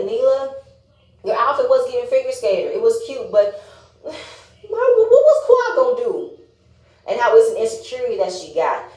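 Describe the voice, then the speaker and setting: A woman's voice: a little high, a little mellow. A woman giving a blunt, sassy casual review of a reality show, swearing freely and acting out what the cast said. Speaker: reality TV recapper. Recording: echoey room.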